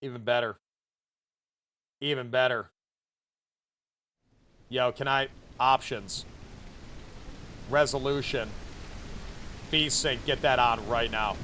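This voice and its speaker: A VTuber streamer, male, jokes and chats with his viewers while playing a game, talking to himself as he goes in casual gaming commentary. His voice is medium-pitched with fairly even intonation, pushed and bright, and he speaks slowly with long pauses. There's slight background noise.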